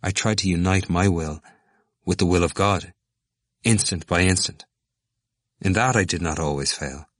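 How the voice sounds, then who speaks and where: A man's voice: sits low, moderate pace, pauses often, dry recording, studio quality. A man doing a brooding young student. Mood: gloomy. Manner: quiet, downcast and reflective.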